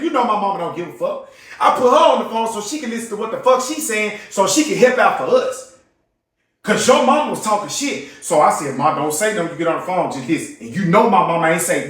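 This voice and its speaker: A young man with a fairly high voice argues hard, fast and repetitive, swearing as he acts out what others said. He sits back from the mic in a very echoey room, so the voice rings and sounds distant. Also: a bit bright. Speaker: livestream host. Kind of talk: heated casual argument.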